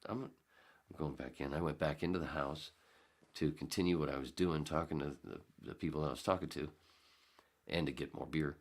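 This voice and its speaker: A podcast host with an extremely low voice and a rough, gravelly edge tells a rambling story. He swears freely, loses his thread, and keeps breaking into little acted-out scenes. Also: a little fast. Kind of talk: casual storytelling.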